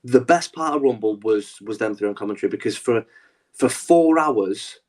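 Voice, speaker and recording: A man's voice: on the low side, animated, moderate pace, a little mellow. A man co-hosting a wrestling podcast, talking animatedly in a rambling, casual way with lots of restarts. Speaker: podcast co-host.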